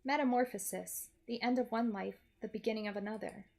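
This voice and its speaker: A woman's voice: fairly high pitch, steady tone, a little fast, creaky, a little mellow. A woman voicing a pompous, grandiose small male villain while reading a game aloud. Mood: menacing. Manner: pompous, theatrical.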